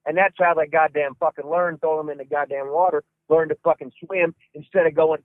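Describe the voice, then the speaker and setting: Over a dry phone-line sound with no room noise, an older wrestling trainer speaks fairly quick with few pauses, in a steady, fairly high-pitched voice. He tells stories in an interview, ranting profanely with nonstop cursing and a gruff Southern drawl.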